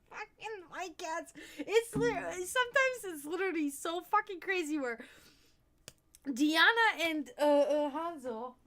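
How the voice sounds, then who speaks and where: A woman's voice: extremely high pitch, animated, unhurried, sharp tone. A woman hosting a livestream, chatting casually and rambling, swearing often and laughing a lot. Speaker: stream host.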